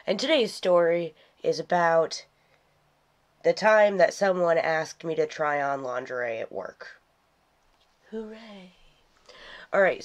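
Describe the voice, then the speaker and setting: A woman host telling a casual storytime, sick with a cold, her voice nasal and congested, chatty and rambling. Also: lowish voice. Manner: chatty, rambling, self-deprecating.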